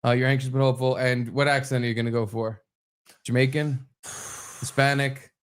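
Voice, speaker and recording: A man co-hosting a comedy podcast, bantering with a wry, teasing deadpan while reading a script aloud. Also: medium pitch, rapid-fire, clean tone. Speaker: podcast co-host.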